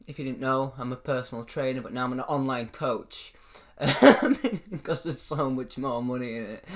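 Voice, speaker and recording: A young British man co-hosting a podcast, chatting casually, swearing a lot and laughing often. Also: on the high side. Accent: British English. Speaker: podcast co-host. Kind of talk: casual chat.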